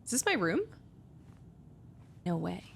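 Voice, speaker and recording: Young woman game streamer, slow drawl with vocal fry, faint background hiss. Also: on the low side, very animated, fairly bright tone. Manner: musing aloud, reading in-game notes, dropping to whispers. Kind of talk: let's-play commentary.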